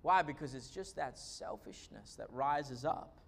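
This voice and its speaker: A man's voice: medium pitch, lively intonation, measured pace, vocal fry. A man, a pastor delivering an emphatic sermon with frequent "uh" fillers.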